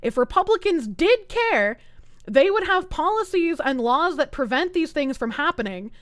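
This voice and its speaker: A woman's voice: sits high, very animated, moderate pace, a bit bright, dry recording, studio quality. A woman streamer ranting live in heated, sarcastic, profane commentary. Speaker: Twitch streamer.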